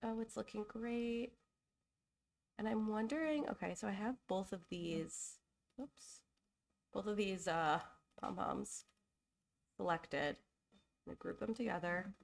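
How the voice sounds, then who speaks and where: A young woman hosts a live design stream while getting over a cold, and her voice carries a gravelly fry. She chats casually, thinks aloud with lots of fillers and restarts, and is openly apologetic and emotional. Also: mid-range voice, slow, pauses often. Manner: chatty, thinking aloud with fillers and self-corrections.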